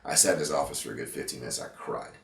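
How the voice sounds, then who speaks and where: A man being interviewed about his past, talking in a halting, reflective way with many fillers and restarts, emotional at times. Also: a bass voice, creaky, roomy sound, distant mic. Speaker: interview guest, veteran and gym owner. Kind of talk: candid interview conversation.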